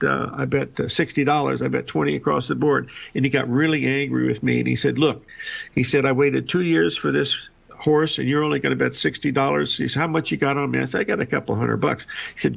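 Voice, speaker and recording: Gravelly older man with folksy rambling talk. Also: mid-range voice, a bit bright. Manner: rambling, folksy, repeats words. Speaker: show host. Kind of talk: casual live market talk and storytelling. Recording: dull lo-fi broadcast audio.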